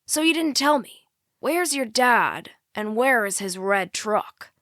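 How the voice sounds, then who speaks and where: A woman's voice: a little high, animated, slow pace, fairly bright tone, dry recording, studio quality. Woman doing a sly, probing male sheriff. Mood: insinuating. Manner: insinuating, suspicious. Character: male small-town sheriff, probing and menacing.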